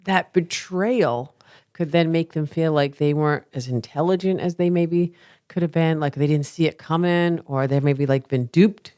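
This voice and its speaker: A woman's voice: low voice, normal speed, mellow, no echo, clean studio sound. A woman co-hosting a podcast, chiming in and adding points in casual conversation. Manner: chatty, chimes in and adds points. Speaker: podcast co-host.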